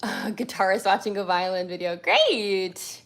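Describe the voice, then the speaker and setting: A woman's voice: mid-range voice, unhurried, a bit bright. A woman from America, a violinist, answering viewer questions in a casual livestream chat, full of ums and likes.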